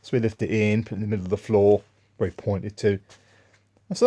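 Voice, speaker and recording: Un hombre con acento inglés que cuenta historias en un vlog, de forma dispersa y con tono de agravio. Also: male voice, lowish voice, fairly even intonation, fairly quick, mellow, husky. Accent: English. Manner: rambling, aggrieved, restarts often. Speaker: vlogger. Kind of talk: casual spoken monologue, storytelling.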